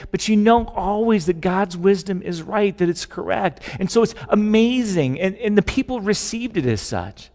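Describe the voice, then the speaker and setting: Middle-aged pastor guy preaching, chatty and animated, voice a bit high, big echoey church sound. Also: normal speed, few pauses. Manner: conversational, animated preaching with shifting volume. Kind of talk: sermon. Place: large church sanctuary. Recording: live church recording with long hall reverb.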